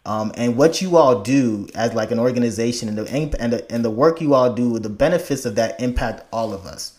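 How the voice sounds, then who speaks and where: A man from Africa talking casually in a conversation, emphatic and animated, laughing often and restarting his sentences. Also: mid-range voice, a little fast.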